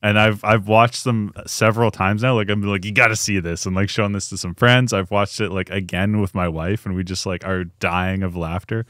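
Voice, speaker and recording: A man co-hosting a podcast in casual chat, animated and laughing, now and then mimicking characters. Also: on the low side, normal speed, few pauses, no echo, clean studio sound. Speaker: podcast co-host.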